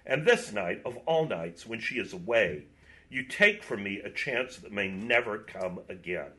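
A man's voice: fairly low pitch, animated, unhurried, sharp tone. A man voicing a tormented, desperate young knight under a spell, pleading and anguished. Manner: pleading, anguished, rising to cries.

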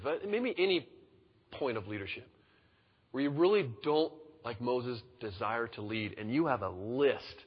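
Delivering a sermon in a chatty, conversational way, a pastor with a slightly rough voice on the high side acts out the voices of people he quotes. The audio is dull, captured in a reverberant hall.

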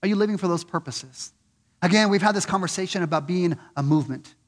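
Earnest high-pitched male preacher. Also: fast. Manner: earnest, repeats questions for emphasis; rises high and loud on key points, drops low and soft on others. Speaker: pastor. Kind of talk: sermon.

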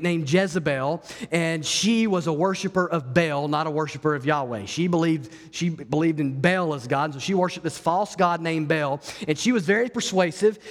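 A man with a high voice preaches a sermon as pastor, telling the story animatedly and acting out the voices. The sound is that of a big room.

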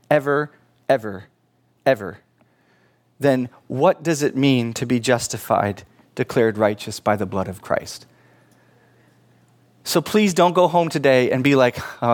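A middle-aged man preaching a sermon in church, earnest and pleading, with casual asides to the congregation. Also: on the high side. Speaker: pastor.

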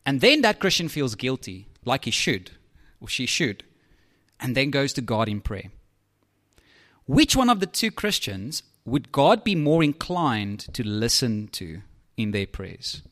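A man preaching a sermon in a lively, conversational way, with asides to his listeners. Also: medium pitch, unhurried.

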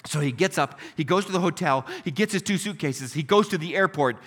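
A man preaching a sermon, telling a story and acting out its characters with lively expression. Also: a little high, fairly quick, slightly rough. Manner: animated, voices characters in stories. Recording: reverberant hall.

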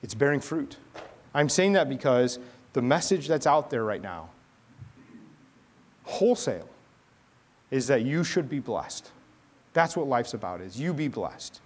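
A man's voice: mid-range voice, sing-song, unhurried, long pauses, husky. A man in his thirties, a pastor, preaching a sermon in a conversational storytelling way with chatty asides.

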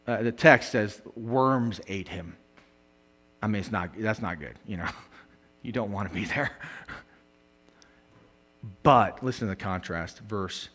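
A man preaching with a bright, forceful voice set a little high. He is animated, jumping from loud emphatic bursts down to hushed asides, and laughs often as he talks. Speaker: pastor. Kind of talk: sermon.

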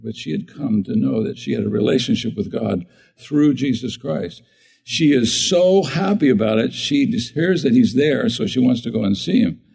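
Man preaching, gravelly, kinda husky, chatty with the congregation. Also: medium pitch, dark tone, low-quality recording. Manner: conversational preaching, many restarts and questions to the congregation. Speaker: pastor. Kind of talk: sermon.

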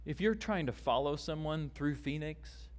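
A man preaching a sermon as pastor, deliberate and emphatic, with long pauses. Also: on the high side. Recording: long hall reverb.

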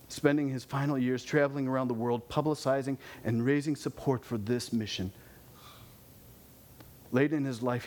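A man preaching a sermon, animated, his voice climbing with intensity and dropping low to close points.

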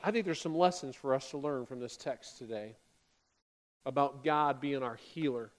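A male pastor preaching a sermon to his church, lively and playful, acting out the grumbling Israelites in quick excited bursts. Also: medium pitch.

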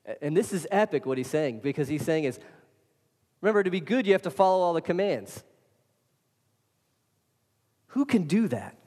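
A male pastor delivers a sermon in a loose, conversational way, pressing his points and addressing listeners directly. His voice sits a little high for a man. The sound rings with a long reverb from a large hall. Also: expressive, fast, darkish tone. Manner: casual, emphatic preaching with direct address to listeners.

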